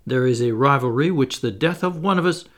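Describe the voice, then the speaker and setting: A man's voice: medium pitch, a little fast, fairly bright tone, close to an everyday voice. A man reading a novel aloud, voicing a grave, proud male army captain who speaks in a stiff way.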